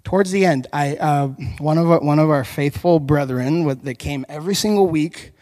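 High-voiced pastor preaching in a reverberant church. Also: male voice, normal speed. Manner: lively storytelling, addressing the congregation directly. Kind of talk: sermon. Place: church hall. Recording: long hall reverb.

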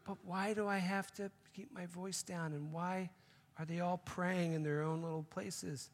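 A preacher putting on the voice of an amazed man newly arrived in heaven, gushing loudly. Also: high-pitched, fairly even intonation, a little slow, voice pushed up. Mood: puzzled.

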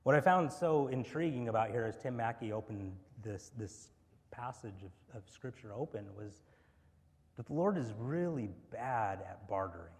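A man preaching a sermon to his congregation. His voice sits at a middling pitch and carries a long reverb from the hall. He reads scripture and then turns to lively storytelling. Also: normal speed. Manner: animated storytelling, acting out characters' voices. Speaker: pastor.

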